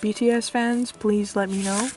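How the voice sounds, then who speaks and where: A woman's voice: medium pitch, normal speed. A young woman from the UK chatting casually as a vlogger, giggly and self-mocking, often trailing off into mutters. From United Kingdom. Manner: squeals with excitement at finds. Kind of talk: casual chat. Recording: faint music behind.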